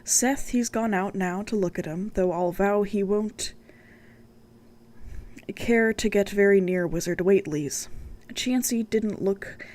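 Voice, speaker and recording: A woman's voice: medium pitch, slow, darkish tone, lightly acted. A woman voicing a frightened rural housekeeper in a storybook reading, read plainly without a dialect.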